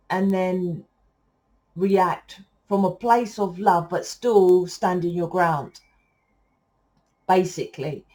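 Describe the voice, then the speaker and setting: A woman with a medium-pitched voice, a tarot reader, addresses her viewers in a loud, rambling, casual spiritual monologue, constantly correcting herself as she goes.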